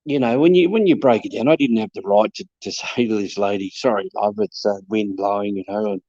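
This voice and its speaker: A man recounts his investigations in a relaxed, halting way, often doubling up his words and acting out what people said. His voice is dark and mellow. The sound is dry, close and a little dull, as if from a modest mic. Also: on the low side, no echo. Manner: hesitant, repeats words, quotes people in his stories. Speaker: paranormal investigator. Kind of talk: casual storytelling chat.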